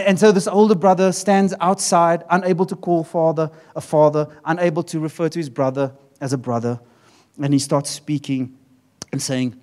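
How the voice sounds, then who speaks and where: A middle-aged male pastor delivering a sermon with a fairly high voice. He is animated and keeps circling back, repeating and restarting phrases as he builds his point.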